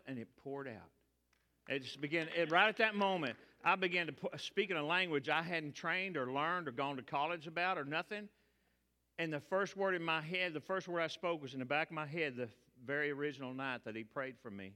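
An older man with a drawl tells his testimony to a congregation in a plain, folksy way. His voice is bright and forceful, and a long hall reverb trails behind each phrase. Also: a little high, a little fast. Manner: folksy, colloquial storytelling. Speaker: preacher. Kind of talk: testimony sermon.

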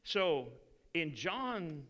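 A man preaching a sermon in a church, animated and folksy, repeating phrases. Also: fairly high pitch, extremely slow. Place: church sanctuary. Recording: church hall reverb.

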